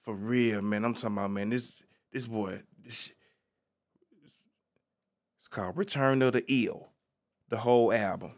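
A man's voice: lowish voice, fairly even intonation, a little slow, pauses often. A man hosting a casual solo podcast, talking in a laid-back, slangy way and peppering his talk with "man". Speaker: podcast host.

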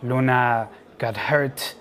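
A man's voice: medium pitch, fairly even intonation, slow pace, a bit bright. Laconic man at the game table. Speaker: player. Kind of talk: casual role-play.

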